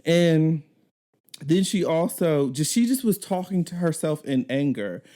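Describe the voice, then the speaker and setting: A man co-hosting a podcast, telling a story in casual, animated chat and swearing now and then. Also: a little high, measured pace. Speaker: podcast co-host.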